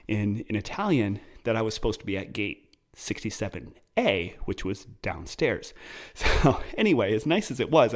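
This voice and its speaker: A man hosting his own podcast, talking casually and explaining ideas through personal stories. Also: on the low side. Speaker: podcast host. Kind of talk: casual solo podcast talk.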